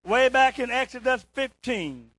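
A man preaching a call-and-response sermon in church, rising to shouts on key words and asking "isn't that right?" again and again. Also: very high voice, expressive, measured pace, dry recording, poor audio. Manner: rises to shouts on emphasis, repeats "isn't that right?".

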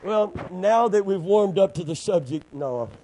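A man's voice: sits high, expressive, a little slow, dark tone, slight background noise, low-quality recording. Fervent male preacher calling for amens. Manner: fervent call-and-response. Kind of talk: sermon.

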